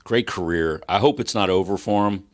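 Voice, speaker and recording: A man's voice: low-pitched, moderate pace, no room sound. A man co-hosting a casual hockey talk show, blunt and profane as he talks about players. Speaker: podcast co-host.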